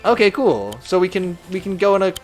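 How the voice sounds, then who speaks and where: A chatty male streamer who keeps up a playful running commentary over a strategy game and reads viewer messages aloud as he goes. His voice sits a little high and moves around with animated pitch. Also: a little fast, faint music behind. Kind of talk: casual gameplay commentary.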